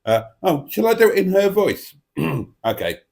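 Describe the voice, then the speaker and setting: A man's voice: sits high, sing-song, a little slow, gravelly, a little mellow. A man hosting a casual live stream from his dining table, speaking into a desk microphone in a rambling, self-mocking, theatrical way. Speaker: livestream host. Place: home dining room.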